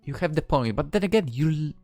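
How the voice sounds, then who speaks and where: Sleepy guy reading a visual novel out loud, offhand mumbly asides, dry sound. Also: on the high side, animated, quick pace, no room sound, soft background music. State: tired, yawning. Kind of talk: reading game text aloud with casual asides.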